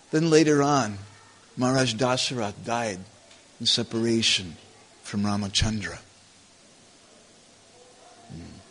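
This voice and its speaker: A man retelling a devotional story as a preacher, deliberate and measured. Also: fairly low pitch, a bit bright. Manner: slow, deliberate, chants scripture verses.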